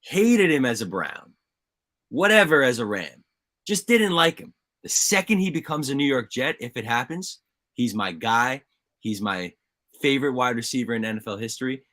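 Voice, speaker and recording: A man's voice: medium pitch, big pitch swings, moderate pace, fairly bright tone, dry recording, studio quality. A young man co-hosting a casual sports chat, passionate and pleading as a fan. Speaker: podcast co-host.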